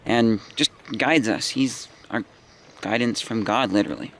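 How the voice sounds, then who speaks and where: A man's voice: medium pitch, a bit bright. Tired guy in his 20s rambling on, lots of restarts, faint traffic outside. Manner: halting, meandering, many restarts and fillers. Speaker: vlogger. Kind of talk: rambling personal vlog.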